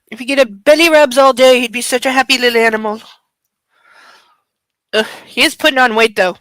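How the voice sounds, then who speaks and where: A woman's voice: a little high, steady tone, brisk, long pauses, fairly bright tone, dry recording. A woman streaming from home, chatting casually in a rambling way and talking fondly to her dog. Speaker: streamer reading aloud to chat. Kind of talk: casual livestream chat.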